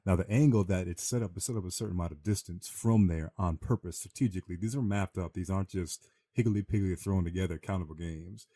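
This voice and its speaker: A man hosting a podcast, telling animated, slangy stories and acting out other people's voices. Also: sits low, quick pace, few pauses, dry recording, clean studio sound. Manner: animated, slangy storyteller who acts out voices. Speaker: podcast host. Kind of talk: casual storytelling chat.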